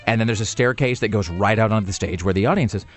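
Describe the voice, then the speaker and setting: A man hosting a radio show tells a loose, meandering story in the studio, talking at a rapid clip. His voice sits a little low, and he keeps restarting his sentences and filling gaps with "you know." Faint music plays behind him. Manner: rambling with many restarts and fillers. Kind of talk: casual storytelling on air.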